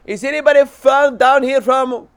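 A man putting on a loud, hammy stand-up comedian, shouting cornball punchlines. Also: extremely high pitch, fairly even intonation, moderate pace, clean tone, pitched above the performer's own voice. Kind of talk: mock stand-up routine.

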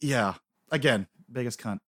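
A man co-hosting a casual podcast, excitedly recapping story events, swearing freely and acting out lines. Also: medium pitch, measured pace, no room sound, clean studio sound. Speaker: podcast co-host. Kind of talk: casual anime recap chat.

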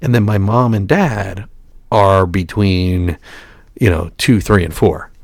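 A man's voice: low-pitched, slow, dry recording, studio quality. A middle-aged man, congested with a cold, rambling through a casual podcast chat with lots of fillers. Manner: rambling, animated storytelling with many fillers.

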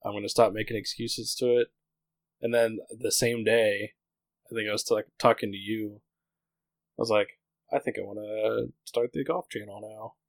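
Low-voiced man chatting candidly. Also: steady tone, moderate pace, creaky, no echo, rough recording. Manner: rambling, many "like" fillers, candid. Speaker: podcast co-host. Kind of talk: casual chat.

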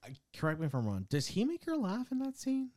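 A man's voice: high voice, wildly swooping pitch, quick pace, a little mellow. A man co-hosting a podcast, recapping a movie in casual chat and acting out lines in playful quoted voices. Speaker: podcast co-host.

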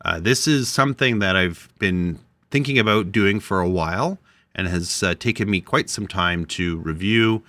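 A man's voice: low-pitched, moderate pace, no room sound. A young adult man, co-hosting a podcast in casual, playful banter. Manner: playful, teasing, animated delivery. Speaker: podcast co-host.

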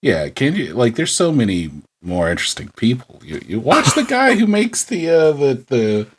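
A man's voice: mid-range voice, very animated, a little hiss or hum. A man co-hosting a pop culture podcast, chatting in a wry, meandering way. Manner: wry, drawn-out, trailing off. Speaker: podcast co-host. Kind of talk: casual chat.

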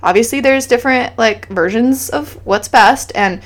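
A woman co-hosting a podcast in easygoing conversation. She talks through her thoughts reflectively, with plenty of fillers, in a voice pitched a little high. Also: normal speed. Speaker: podcast co-host. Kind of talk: casual chat.

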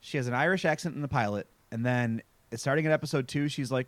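A man's voice: mid-range voice, fast, dry recording. A man hosting a podcast, recapping a TV episode in casual, jokey chat full of fillers and swearing. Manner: rambling, profane, jokey, lots of fillers. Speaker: podcast host recapping a show.

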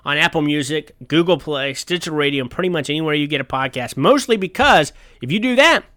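A young man hosts a casual sports podcast with a bright, forward voice. He rambles and jokes playfully. The recording is dry and close. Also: a little high, expressive, brisk, no echo. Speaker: podcast host.

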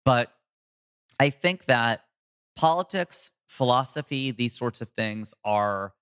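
A comedian and voice actor in a casual interview, telling stories with sudden jumps in pitch for emphasis. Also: male voice, expressive, takes it slowly, fairly bright tone, smooth, big-room sound.

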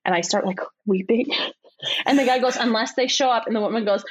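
Animated woman telling a travel story. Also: fairly high pitch, a little fast, no room sound, lo-fi sound. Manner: animated, acts out voices in her story; laughs often while telling. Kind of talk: casual chat.

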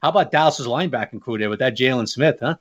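A man co-hosting a sports podcast in casual chat, laughing often and filling pauses with "uh.". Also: medium pitch, muffled recording. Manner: laughs often, trails off with fillers. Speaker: podcast co-host.

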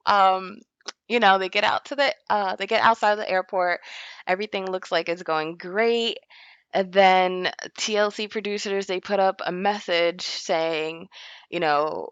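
A woman's voice: fairly low pitch, fairly bright tone, clear, resonant tone, dry recording, lo-fi sound. A woman co-hosting a podcast, chatting casually and laughing often as she recaps a reality show. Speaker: podcast co-host.

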